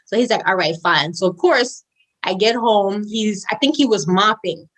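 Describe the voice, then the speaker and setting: A young woman guesting on a podcast tells a personal story casually, acting out quoted lines with big leaps in her voice and saying "like" and "girl" a lot. It's a storytelling interview. Her voice is medium-pitched at normal speed, and the recording is rough.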